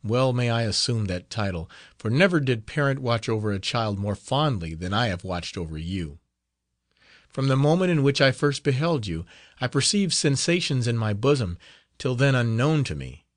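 A fatherly friar speaks with earnest tenderness, voiced by a man reading a novel aloud. His voice sits at a middle pitch and moves through a wide, expressive melody. The sound is close and dry. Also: normal speed, no room sound, natural voice. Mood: tender. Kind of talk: audiobook character reading.

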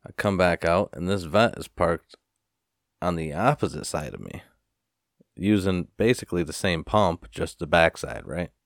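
A man hosting a podcast, telling a story in a casual, profane, rambling rant with animated retellings. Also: low-pitched, normal speed, creaky, dry recording, clean studio sound. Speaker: podcast host.

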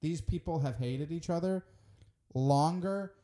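A man's voice: a little high, unhurried, dark tone. A man in casual conversation, explaining points carefully and pinning down distinctions. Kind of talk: casual chat.

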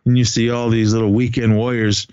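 A man's voice: medium pitch, flat delivery, a little fast, muffled recording, heavy background noise. A man casually recapping a movie in a rambling way, with lots of fillers and swearing.

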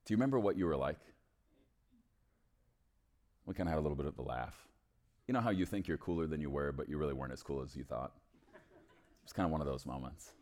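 Male preacher, deep voice; emphatic bursts alternating with quiet, intimate storytelling. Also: quick pace. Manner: swings from loud emphatic declarations to soft, hushed storytelling. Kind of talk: sermon.

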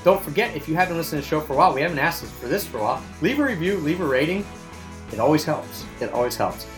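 A man's voice: a little high, expressive, racing, over music. A man co-hosting a casual travel podcast, upbeat, chatting about a trip and reading sponsor plugs. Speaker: podcast co-host.

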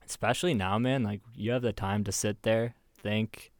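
A man's voice: lowish voice, steady tone, normal speed, no room sound. A man, co-hosting a casual podcast and telling jokey stories with casual swearing. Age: 20s. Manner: storytelling, joking, swearing. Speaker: podcast co-host. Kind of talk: casual chat.

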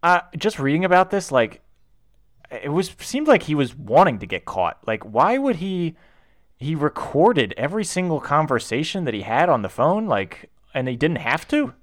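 A man's voice: a little high, sing-song, normal speed, no room sound, studio quality. A man co-hosting a board game podcast in casual chat, rambling with lots of fillers and easy laughs.

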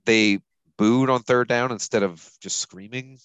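A man's voice: medium pitch, fairly even intonation, unhurried, fairly bright tone, clean tone, no echo, low-quality recording. A man hosting a casual sports podcast, rambling loosely and chuckling as he talks. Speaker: podcast host.

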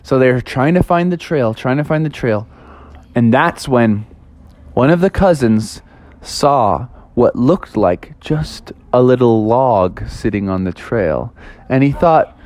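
A man's voice: mid-range voice, animated, slow, a little mellow, dry recording. A man improvising a playful, dramatic story for children.

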